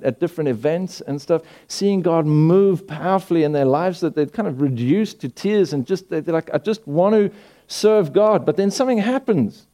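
A male pastor delivers a sermon in a relaxed, conversational way, often restarting phrases and asking his listeners rhetorical questions. His voice sits a little high for a man, with a mellow, warm tone. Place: church hall.

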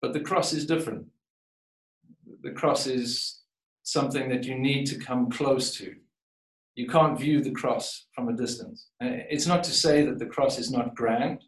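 A man delivers a scripture reading and sermon in a reflective, circling manner, restarting and repeating words as he works toward each point. His voice sits at a middle pitch. It carries from some distance across an echoing church sanctuary. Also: a little slow. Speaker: preacher. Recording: echoey room, voice from a distance.

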